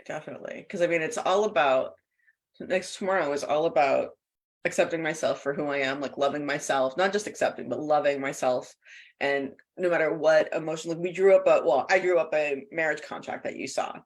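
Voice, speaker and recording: A woman's voice: deep voice, moderate pace. A woman co-hosting a casual podcast, chatty and laughing often between thoughts. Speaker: co-host.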